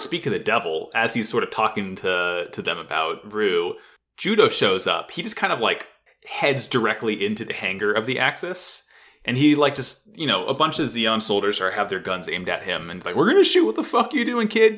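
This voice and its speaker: Brief: male podcast co-host, lively swinging delivery, bright tone, profane and laughing. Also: on the low side. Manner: animated, profane, laughs often. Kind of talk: casual anime recap chat.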